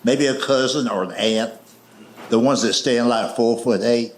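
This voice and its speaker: On a live comedy stage, a man with a mid-range voice tells folksy stories as stand-up, drawing them out and slipping into quoted voices. The recording carries audience laughter and crowd noise.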